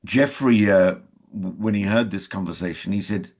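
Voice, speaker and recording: A man's voice: low-pitched, normal speed, darkish tone, breathy edge. An older man from England, an actor guest in a casual interview, telling anecdotes and acting out quoted dialogue.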